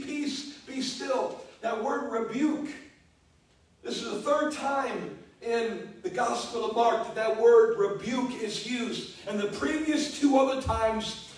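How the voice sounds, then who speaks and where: A man preaching a sermon as pastor, speaking emphatically and repeating key words. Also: very high-pitched. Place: church sanctuary. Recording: echoey church, distant mic.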